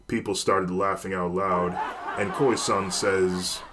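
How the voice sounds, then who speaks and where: A man narrating a fan story in a plain, even storytelling manner. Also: sits low, slow, background noise.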